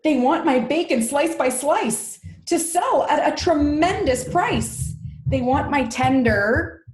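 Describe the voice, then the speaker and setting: A woman voicing a very clever male pig with a British accent, reading his lines high and emphatically. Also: animated, slow pace. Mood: indignant. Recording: roomy echo.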